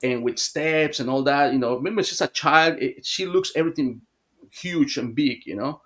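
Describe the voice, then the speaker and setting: A man guesting on an interview, telling a long story in a halting, rambling way with many restarts. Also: mid-range voice, fairly bright tone. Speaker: hypnotherapist guest.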